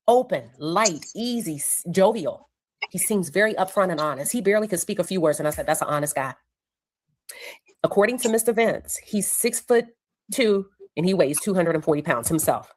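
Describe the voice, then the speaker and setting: A woman's voice: on the low side, expressive, normal speed, dry recording. A woman recapping courtroom testimony, acting out the witnesses' words. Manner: acts out quoted witnesses with raised voice. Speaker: courtroom reporter.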